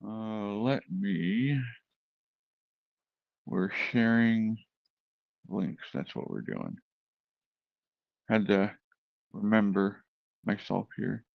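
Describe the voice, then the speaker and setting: A man's voice: fairly low pitch, extremely slow, gravelly, long pauses, no room sound. A man hosting a live stream, chatting casually with viewers and putting on an over-enunciated radio voice. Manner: relaxed, chatty, greets chatters by name. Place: home room with cats. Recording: dull, dry home mic sound.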